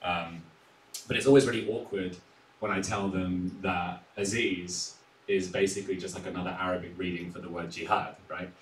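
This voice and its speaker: A young English man doing a stand-up set, self-deprecating, chuckling between lines and filling pauses with "uh" and "um". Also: low voice, level tone. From England. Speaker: stand-up comedian. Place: small comedy room on a live stream. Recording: echoey room, distant mic, audible noise.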